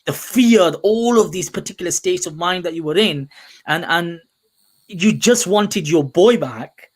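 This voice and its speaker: A man's voice: sits high, measured pace. Pressing, emphatic male podcast interviewer. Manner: pressing and emphatic, with stacked repeated questions. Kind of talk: probing interview questions.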